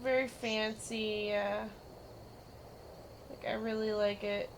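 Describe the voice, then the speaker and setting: A woman streaming a game, chatting casually, giggling and teasing, breaking into loud mimicking bursts. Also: mid-range voice, level tone, slow pace, slight background noise.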